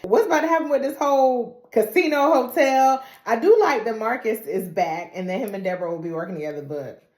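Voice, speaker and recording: A woman recapping a TV episode in casual speech with a dialect, acting out the characters' lines with laughter. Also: fairly quick. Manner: animated retelling, acting out characters' lines with big pitch jumps and laughs. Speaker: recap vlogger. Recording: echoey room.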